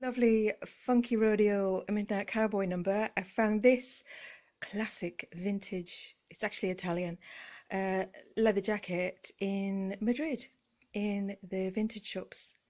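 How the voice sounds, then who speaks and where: A woman's voice: mid-range voice, fairly even intonation, a little slow. A woman with a playful, theatrical and self-mocking way of talking, showing off vintage clothes in a light-hearted chat. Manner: theatrical and self-mocking, often drops to a hush. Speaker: vlogger.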